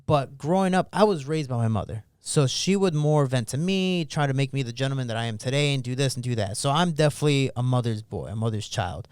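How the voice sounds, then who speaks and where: A man's voice: mid-range voice, expressive, fast talker, hardly any pauses, a little mellow, smooth, no echo, studio quality. A man in his thirties, a podcast guest, telling personal stories candidly in casual interview talk. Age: 30s. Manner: candid, storytelling, acts out quoted voices. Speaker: podcast guest, MMA fighter.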